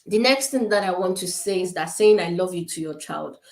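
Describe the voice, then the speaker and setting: A woman from Africa addresses parents in a casual online talk, speaking a little fast in a fairly low, slightly mellow voice. Captured by a video-call webcam, the sound is roomy, and she comes across as earnest, repeating herself with many fillers and restarts.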